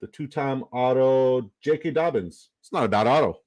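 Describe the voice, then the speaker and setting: A man's voice: medium pitch, moderate pace, a little mellow. A man giving casual livestream commentary while drafting, reading the chat aloud and swearing casually. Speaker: fantasy football draft streamer.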